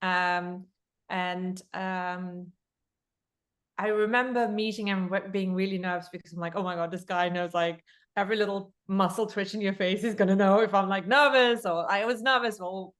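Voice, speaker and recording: A woman's voice: medium pitch, fairly even intonation, normal speed, a bit bright. A woman born in Germany, a poker author being interviewed, telling a story in a chatty, digressive way. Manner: chatty, digressive, laughs while talking.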